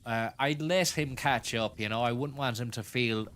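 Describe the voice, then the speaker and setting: A man's voice: mid-range voice, normal speed, a bit bright, smooth. Sweary man hosting a game stream. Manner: sweary, jokey, thanks viewers for tips. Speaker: streamer host. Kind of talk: casual gaming stream chat.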